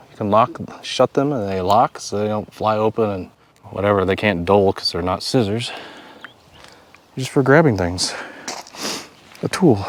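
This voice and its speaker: Man vlogging outdoors, low-voiced. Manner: joking, talks to himself while exploring. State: out of breath at altitude. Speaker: travel vlogger. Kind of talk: casual outdoor vlog narration. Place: outdoors by a mountain lake and in a vehicle.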